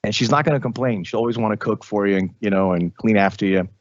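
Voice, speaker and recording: Low-voiced animated radio man. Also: quick pace, no echo, dull audio. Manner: animated, many restarts and repetitions. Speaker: radio host, podcast guest. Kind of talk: casual interview talk.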